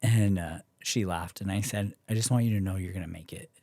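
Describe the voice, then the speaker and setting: A man's voice: low voice, fairly quick, dark tone, no room sound. A young Canadian man, a podcast guest, telling a story in casual chat, acting out quoted voices and swearing freely.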